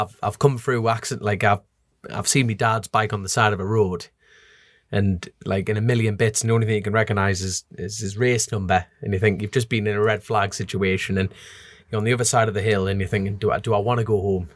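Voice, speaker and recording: A man's voice: on the low side, a little fast, no echo, clean studio sound. A man from the North East of England with a North East English accent, a motorbike road racer telling stories in a casual podcast chat and acting out other people's voices as he goes. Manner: lively storyteller who acts out other people's voices.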